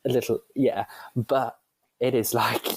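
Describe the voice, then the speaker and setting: A young man with an English accent chats loosely as a podcast co-host, leaning on fillers and restarting sentences. His voice sits at a middle pitch and is recorded close and dry, with no room sound around it. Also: level tone, measured pace, slightly rough, no room sound, poor audio. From England. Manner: chatty, full of filler words and restarts. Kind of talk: casual chat.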